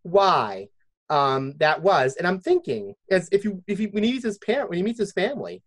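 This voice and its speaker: A man's voice: sits high, animated, normal speed, fairly bright tone. A man hosting a casual podcast chat, rambling with restarts and jokey side notes. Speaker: podcast host.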